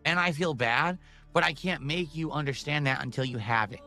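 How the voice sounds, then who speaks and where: Earnest, preachy man with a bright voice. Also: on the high side, normal speed, faint music behind. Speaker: livestreamer reading tips. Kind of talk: emotional livestream monologue.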